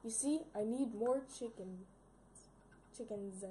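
A woman voicing a pompous male chicken king villain in a game, delivering slow, gloating taunts. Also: on the high side, warm tone, a little hiss or hum, rough recording.

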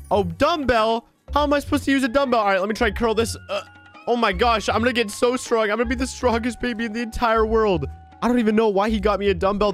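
A man doing a bratty, excitable baby boy. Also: high-pitched, close to an everyday voice. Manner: excitable, whiny, vengeful when upset. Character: bratty, excitable male baby, one year old. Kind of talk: gameplay role-play commentary.

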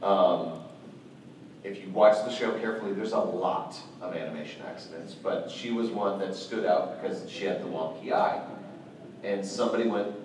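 A man's voice: low-pitched, moderate pace, a little mellow, far from the mic, a little hiss or hum. A man on a convention comics panel, telling a long behind-the-scenes story. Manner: storytelling, explains at length. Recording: echoey hall, mic from afar.

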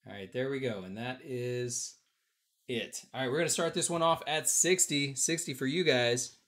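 A man's voice: mid-range voice, moderate pace, fairly bright tone. A man hosting a casual live-stream auction, calling out bids and chatting with viewers in an upbeat way. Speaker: auction host.

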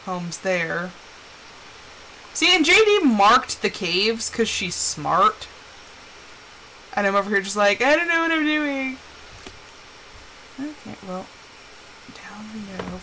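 A young woman chatting casually while playing a game on a live stream, telling animated stories and putting on quick quoted voices. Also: mid-range voice, slight background noise, low-quality recording.

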